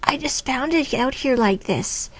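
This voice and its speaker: Mild, inquisitive male thief in a game, voiced by a woman, slow delivery. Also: high voice, animated, pitched above the performer's own voice. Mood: calm. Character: curious adult male thief, calm and even.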